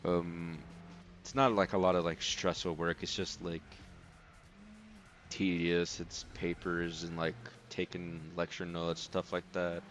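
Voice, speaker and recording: Low-voiced young man chatting over gameplay. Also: slow pace, slight background noise. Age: young adult. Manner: rambling, relaxed, many fillers. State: sleepy, yawning. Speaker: let's play host. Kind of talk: casual gameplay commentary.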